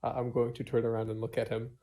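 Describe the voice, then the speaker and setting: A man's voice: medium pitch, monotone, fast, warm tone. Flustered male tabletop player. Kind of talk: tabletop game play.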